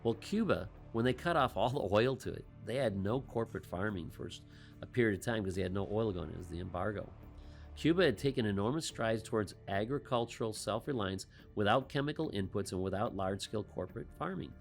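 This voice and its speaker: A man's voice: fairly low pitch, animated, fairly quick, creaky, soft background music. A man hosting a commentary monologue, asking rhetorical questions and adding wry asides. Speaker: host.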